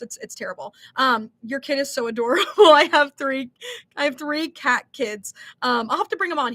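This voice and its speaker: A woman's voice: high voice, sharp tone. A young millennial woman hosting a casual livestream, reading chat comments and answering with lots of ums, likes and giggles. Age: young adult.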